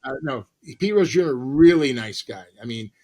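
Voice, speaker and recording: A middle-aged man from Los Angeles, an actor and comedian, telling animated stories in an interview and acting out the people he quotes. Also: mid-range voice, normal speed. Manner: animated anecdotes with acted-out quotes. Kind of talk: storytelling interview.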